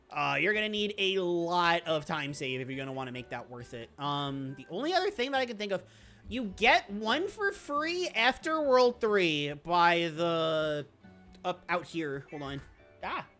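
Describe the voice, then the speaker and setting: A speedrunner giving excitable, rambling commentary over gameplay, with quick laughs and self-interruptions. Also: medium pitch. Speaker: speedrunner streamer.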